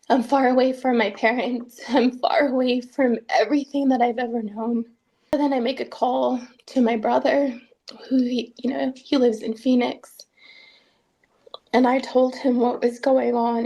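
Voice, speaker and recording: A woman recounting painful family events as an interviewee in a documentary, speaking earnestly with halting restarts. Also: a little high, mellow. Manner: earnest, halting first-person retelling with restarts. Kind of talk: documentary testimony.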